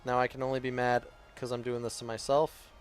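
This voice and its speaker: A man's voice: medium pitch, little pitch movement, fairly quick, soft background music. A man giving live video game commentary, talking back to the game with pleading and groaning. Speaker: gaming streamer.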